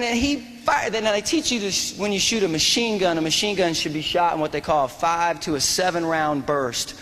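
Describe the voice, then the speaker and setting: A man from the United States giving a fundraiser speech, telling a war story in an animated way and acting out the dialogue. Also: high-pitched, normal speed, hardly any pauses, long reverb tail, a little hiss or hum. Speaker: guest speaker, former soldier. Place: large hall at a fundraiser.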